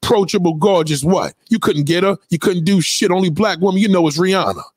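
A man's voice: sits high, fast talker, no echo. A man giving a profane, aggressive, taunting ranting commentary into a close mic. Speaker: online commentator.

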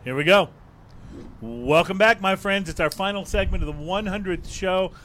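A man's voice: sits high, normal speed, a little hiss or hum. A man hosting a casual talk show about drinks, wrapping up and opening segments. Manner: relaxed, steers segments. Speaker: host. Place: studio with several guests.

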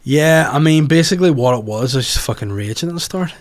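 A man's voice: on the high side, fast talker. Rambling, swearing male podcast host. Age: adult, has children. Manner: rambling, animated, swears freely. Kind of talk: casual podcast chat.

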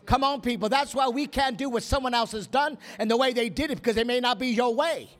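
Storytelling preacher with a high voice. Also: male voice, quick pace. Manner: animated, acts out dialogue, calls on the congregation. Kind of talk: sermon with storytelling.

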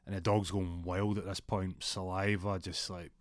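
A man's voice: sits low, level tone, normal speed, no echo. A young man telling a spooky story in a casual, rambling way, full of restarts.

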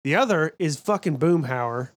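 A man's voice: fairly high pitch, lively intonation, moderate pace. A man chatting casually on a podcast, blunt and profane, laughing often.

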